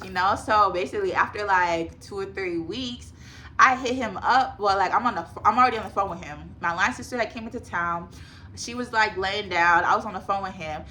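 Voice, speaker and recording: A woman's voice: mid-range voice, sharp tone, slight background noise. A young woman in her twenties casually telling a storytime to her viewers, chatty and full of fillers, often addressing them as y'all. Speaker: vlogger.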